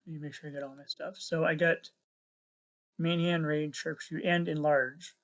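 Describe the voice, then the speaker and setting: A player in a tabletop game who calmly talks through his moves and thinks aloud. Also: medium pitch, moderate pace. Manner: matter-of-fact, thinks aloud. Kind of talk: casual tabletop game chat.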